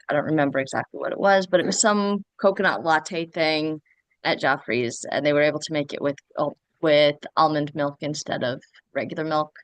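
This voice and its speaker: A woman in a casual roundtable chat, talking in a relaxed, offhand way. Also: low-pitched, smooth, no echo.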